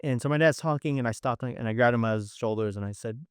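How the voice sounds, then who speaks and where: A man's voice: medium pitch, quick pace, clean tone, no room sound, studio quality. A man giving a personal faith testimony, earnest and storytelling, acting out the voices of people he quotes. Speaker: testimony speaker.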